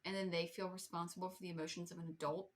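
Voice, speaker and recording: A woman's voice: fairly low pitch, level tone, very fast. A young woman co-hosting a podcast in casual chat, blunt and joking, cheering her co-host on.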